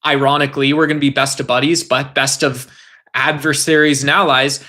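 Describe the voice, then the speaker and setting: A man's voice: mid-range voice, level tone, a little fast, sharp tone. A young man hosting a casual political livestream, rambling conversationally and answering chat comments. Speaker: livestream host.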